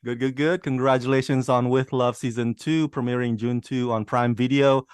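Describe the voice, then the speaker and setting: A man's voice: medium pitch, steady tone, moderate pace, clear, resonant tone, dry recording. A man hosting an interview who asks questions in an enthusiastic, chatty way. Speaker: interview host.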